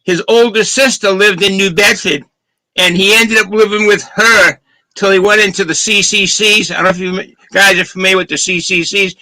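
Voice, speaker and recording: Bright high-voiced man telling a story. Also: fairly even intonation, dry recording, low-quality recording. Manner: rambling, pauses with fillers. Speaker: host. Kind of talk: casual chat, telling a family story. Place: home, live video chat. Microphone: video call.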